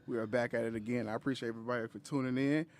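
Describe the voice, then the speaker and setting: A man's voice: mid-range voice, fairly even intonation, very fast. A man hosting a podcast, chatting casually and joking with his co-hosts in a room. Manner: laid-back, joking, slangy. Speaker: podcast host. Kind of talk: casual chat.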